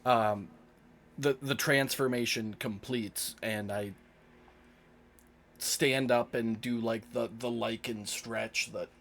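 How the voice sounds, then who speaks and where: A man's voice: mid-range voice, steady tone, slow, fairly bright tone. A man at a tabletop game describing his character's actions in first person, in a laid-back manner with loose fillers. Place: home streaming setup.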